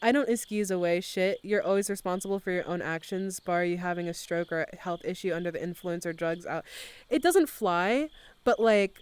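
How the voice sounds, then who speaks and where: Animated young woman streamer. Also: on the low side, normal speed, smooth. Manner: animated, swearing storyteller full of filler words. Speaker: live streamer. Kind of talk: casual chat.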